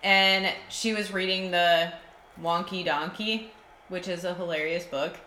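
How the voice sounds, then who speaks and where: A mother from Scotland chatting as a podcast co-host, animated and quick to laugh, recorded in an echoey room with faint noise. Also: fairly low pitch. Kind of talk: casual chat.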